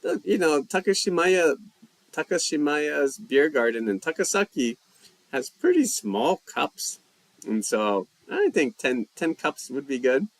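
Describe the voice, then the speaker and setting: A man hosting a casual language-learning live chat, reading viewer comments and musing aloud at an easy, unhurried pace. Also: fairly high pitch, no room sound. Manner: slow, relaxed, thinking aloud while reading chat. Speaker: language livestream host.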